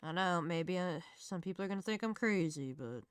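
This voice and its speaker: A woman's voice: fairly low pitch, expressive, a little fast, clear, resonant tone, dry recording. A woman streaming live, chatting casually to her viewers in a laid-back, rambling way, swearing now and then. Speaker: livestreamer.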